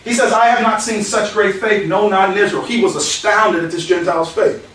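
A man preaching as a pastor in a conversational teaching style, with a fairly high voice. The room is very echoey and he sounds set back from the microphone, with faint noise underneath. He moves between quoted scripture and casual stories. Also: steady tone, fairly quick, a bit bright. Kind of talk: verse-by-verse Bible teaching. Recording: echoey hall, mic at a distance.

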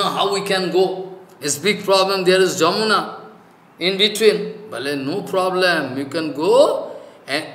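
A spiritual teacher gives a devotional scripture discourse in halting, informal English peppered with "you know." He is emphatic and keeps repeating key phrases. His voice is high-pitched and fairly bright, and the recording is reverberant.

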